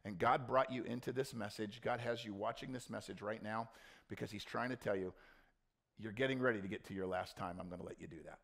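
A male pastor preaching a blunt sermon, dropping to quiet intensity and then rising into loud, mocking quoted voices. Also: on the low side, a little fast, creaky.

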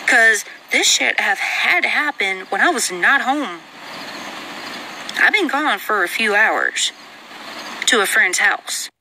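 A woman's voice: on the high side, sharp tone, a little hiss or hum, rough recording. A young woman venting at home in an agitated rant, swearing heavily throughout. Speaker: vlogger. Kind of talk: venting monologue.

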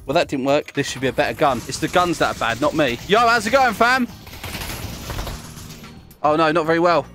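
Excitable British man gaming. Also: on the high side, brisk, music in the background. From Britain. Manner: excitable, loud outbursts and laughter. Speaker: gaming YouTuber. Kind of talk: casual gameplay commentary.

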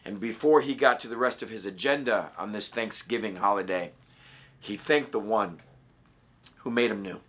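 A man with a raspy voice, a pastor giving a short daily devotional, reading scripture and talking earnestly and conversationally. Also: lowish voice, normal speed, fairly bright tone. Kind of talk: daily devotional Bible study.

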